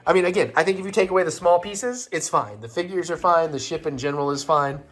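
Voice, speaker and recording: A man hosting a home vlog, joking and thinking out loud while he puts a toy together. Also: a little high, fast, faint music behind. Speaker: vlog host. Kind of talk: casual chat while assembling a toy set.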